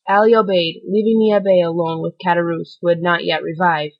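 A woman narrating a classic novel as an audiobook in a steady, even way. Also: on the low side, fairly quick, few pauses, muffled recording.

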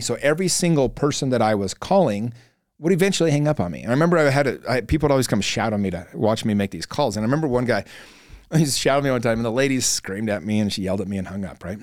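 A man's voice: medium pitch, lively intonation, fast talker, dry recording, studio quality. A man hosting a podcast, giving an earnest motivational talk in a coaching tone, with frequent fillers and restarts. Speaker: podcast host. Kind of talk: motivational monologue.

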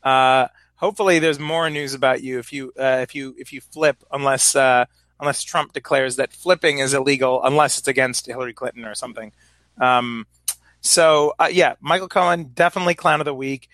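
A man's voice: mid-range voice, steady tone, brisk, fairly bright tone, no room sound. A man co-hosting a podcast, chatting casually about politics with lots of "like" and hedging. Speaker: podcast co-host.

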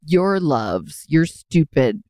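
A woman's voice: sits low, sing-song, very slow, dark tone, no room sound, clean studio sound. A woman co-hosting a podcast in casual chat, effusive and rambling. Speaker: podcast co-host.

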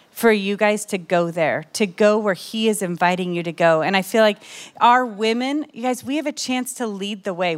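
A young adult woman with a medium-pitched voice gives a testimony sermon to a women's church gathering. She's emotional and animated, with many asides to the crowd.

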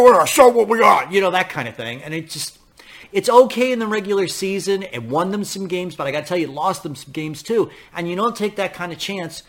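A man's voice: high voice, fairly bright tone. A man hosting a talk podcast in a casual, rambling monologue, often restarting his sentences. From New York area. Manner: rambling, repeats himself, acts out quoted voices. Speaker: podcast host.

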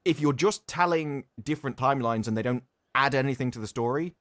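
A man with a mid-pitched voice talks fast in a casual chat, laying out his criticisms point by point. His tone stays analytical and critical. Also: a bit bright, dry recording, clean studio sound. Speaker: podcast co-host.

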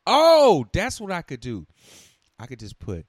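A man's voice: medium pitch, wildly swooping pitch, moderate pace, fairly bright tone, breathy edge, dry recording, studio quality. A man podcaster rambling in a casual, profane monologue, talking to himself while playing a game.

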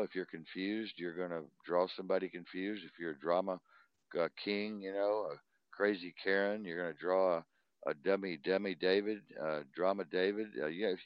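A man's voice: low-pitched, dry recording. A man co-hosting a live talk stream, rambling and repeating himself, blunt and often profane. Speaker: co-host. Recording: dry, dull lo-fi sound.

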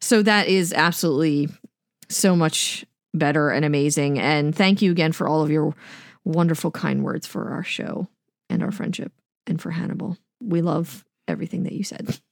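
Lowish-voiced woman podcaster, swears freely. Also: moderate pace, creaky, no echo, clean studio sound. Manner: enthusiastic, swears freely, laughs often. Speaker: podcast co-host. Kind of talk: casual podcast chat.

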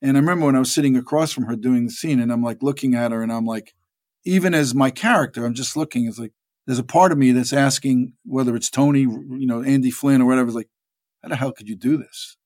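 A man of medium pitch and quick pace, an actor on a casual interview, tells wandering stories with plenty of animation. Whenever he quotes someone, he acts out their voice.

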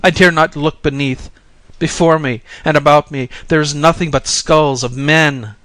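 A trembling young pilgrim cries out in terror, as a male narrator puts him on. The voice leaps well above the reader's own and grows loud and pleading. It is recorded close and dry, with no room sound. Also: a little high, fairly even intonation, moderate pace, no echo, voice pushed up, close to an everyday voice. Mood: terrified. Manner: shrieking, fearful pleading.

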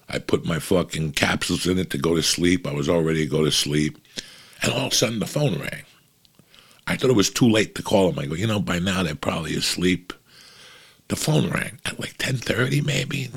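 Comedian type, man: deep husky voice, casual and profane, rambles through a story.

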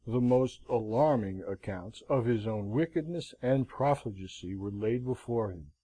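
A man reading a classic novel aloud as an audiobook narrator, in a measured, expressive way. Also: mid-range voice, husky, low-quality recording. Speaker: audiobook reader.

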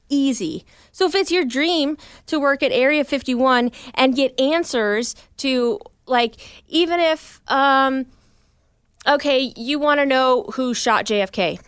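Animated woman, high voice. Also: smooth, no room sound. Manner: animated, rambling, blunt with swearing. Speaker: podcast co-host. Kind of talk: casual chat.

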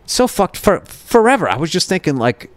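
A man's voice: sits high, sing-song, normal speed, no room sound. A man, a podcast host telling profane, rambling stories and laughing at his own jokes. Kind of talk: casual rambling monologue.

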